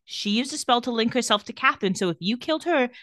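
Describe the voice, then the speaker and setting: Lively young woman acting out a recap. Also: a little high, fast, no echo, studio quality. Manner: retells scenes, acting out characters' lines in playful voices. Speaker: podcast co-host recapping a TV episode. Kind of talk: casual chat.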